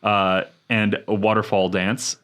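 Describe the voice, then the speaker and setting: A man co-hosting a casual gaming podcast, joking around and reading game notes aloud in a relaxed way. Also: on the low side, slow pace. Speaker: podcast co-host.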